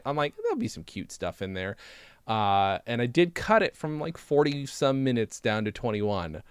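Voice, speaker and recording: A man's voice: medium pitch, clean tone, no echo. A man co-hosting a casual chat, rambling and cutting himself off, with some casual swearing. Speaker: podcast co-host. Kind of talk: casual chat reviewing old videos.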